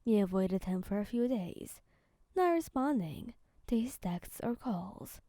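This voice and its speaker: A woman narrating a second-person fan story in a soft, calm, even reading voice. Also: medium pitch, a little slow, no room sound, studio quality.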